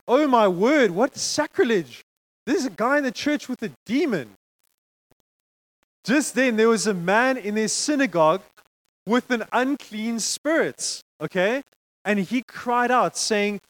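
A man preaching a sermon to a congregation, conversational and animated, checking in with frequent asides to the listeners. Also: high voice, no echo, low-quality recording.

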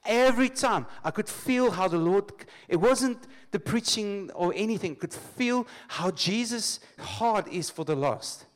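A man's voice: sits high, lively intonation, unhurried, few pauses. A man preaching a sermon to a church congregation. He leads call-and-response, tells stories with loose restarts and laughs often.

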